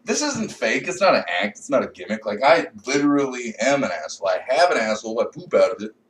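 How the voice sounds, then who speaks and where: A young man, a comedian, giving a rambling, profane rant that swings from low mutters to loud outbursts. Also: big pitch swings, quick pace, far from the mic, slight background noise. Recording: echoey room, a bit off-mic.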